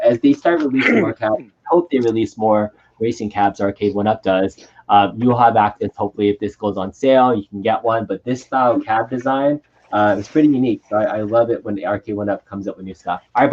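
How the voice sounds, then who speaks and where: Man, lower voice, rambling live-stream host, muffled home mic. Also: darkish tone. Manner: casual, rambling, many fillers.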